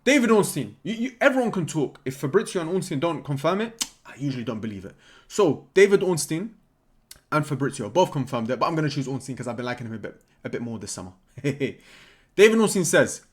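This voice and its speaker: Excitable young man. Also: a little high, brisk, breathy edge. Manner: excitable, animated, jokey, talks to himself. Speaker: football content creator. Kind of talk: casual football vlog.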